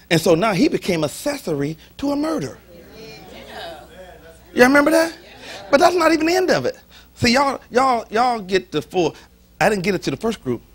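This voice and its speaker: Lively high-voiced husky preacher man. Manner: animated storytelling, acts out biblical voices, folksy. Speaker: pastor. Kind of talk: sermon. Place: church.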